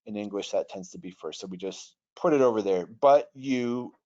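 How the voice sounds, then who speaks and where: A man's voice: deep voice, fast talker, darkish tone. A man teaching Greek grammar in an online webinar, patient and thoughtful, often restarting his sentences. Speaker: online Bible software trainer. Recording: dull lo-fi webinar audio.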